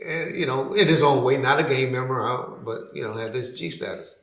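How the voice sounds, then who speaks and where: A man telling a story in casual talk, animated, who acts out the people he quotes with sudden loud, high bursts. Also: a little fast. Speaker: podcast guest telling a story. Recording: roomy echo.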